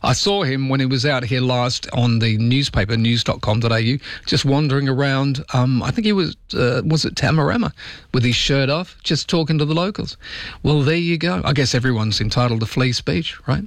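A man's voice: mid-range voice, a little fast, no room sound. An Australian man hosting a late-night talkback radio show, reading listener messages with jokey, wry asides. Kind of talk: casual talkback radio chat. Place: radio studio.

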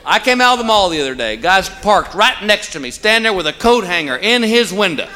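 Bright and forceful, this man's high voice swings widely in pitch as he delivers brisk, folksy stand-up to a live crowd. His stories keep returning to a punchline refrain, captured in live stage audio with audience noise.

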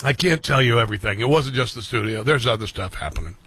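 A middle-aged man hosting a radio and streaming show offers a reflective monologue to his listeners, speaking earnestly and often repeating or restarting phrases. His husky, mid-pitched voice is fairly bright, moving at a quick pace with lively intonation.

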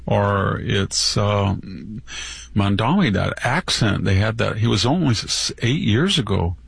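Gravelly, husky-voiced guest commentator, indignant, dry close mic. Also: male voice, lowish voice, lively intonation, no room sound. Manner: indignant, quick to scoff. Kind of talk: opinionated political chat.

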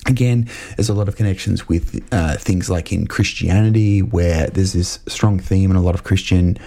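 A man's voice: sits low, normal speed, vocal fry, mellow. A young man hosting a show, talking through ideas in a thoughtful, rambling way with many fillers and restarts. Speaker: podcast host discussing a film. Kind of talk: casual analytical talk.

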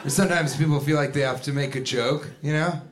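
A man performing a stand-up comedy set, animated and jumping into loud put-on voices and shouts. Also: a little high, fairly quick. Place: comedy club stage with a live audience. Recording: live club recording with crowd laughter and noise. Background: audience laughing.

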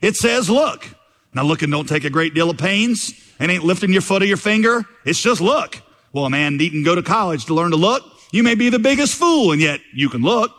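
A man's voice: high-pitched, animated, brisk, long reverb tail, pitched above the performer's own voice. A pastor acting out a thin, plain-spoken country lay preacher who pleads fervently as part of his sermon. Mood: earnest coaxing. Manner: rising into fervent shouting pleas. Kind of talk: sermon reading with acted quotes.

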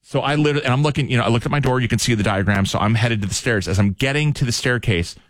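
A man hosting a casual radio chat and telling stories with animated energy. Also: mid-range voice, no echo. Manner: animated, quick storyteller. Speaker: radio host.

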